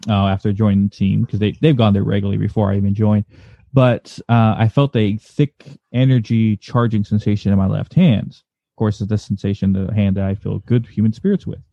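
A man hosting a casual interview, a paranormal investigator himself, speaking in a halting way with restarts and fillers. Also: fairly low pitch, fairly even intonation, creaky, no echo. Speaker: podcast host and paranormal investigator. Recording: dull, dry lo-fi sound.

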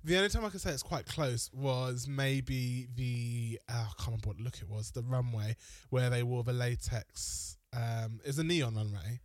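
A man's voice: mid-range voice, moderate pace, few pauses, dry recording, studio quality. A man co-hosting a podcast, chatting bluntly and swearing freely into a handheld mic. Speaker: podcast co-host. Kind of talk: casual chat.

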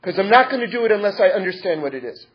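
A man's voice: sits high, sing-song, racing, breathy edge, highs cut off, exaggerated voice. A man doing a blunt, defiant young student. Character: defiant young male elite student, proud atheist.

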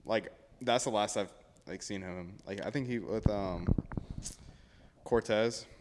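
A young man co-hosting a casual podcast chat, animated and quick to laugh, trailing off mid-thought. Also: fairly low pitch, in a large hall, noisy background. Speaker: podcast co-host.

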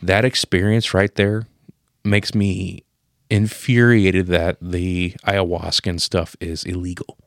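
A man in his thirties telling a personal story on a podcast, emotional and profane, marking each scene change with a sudden boom. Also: level tone, slow pace, dry recording, clean studio sound. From Pennsylvania. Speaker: podcast co-host. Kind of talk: casual storytelling.

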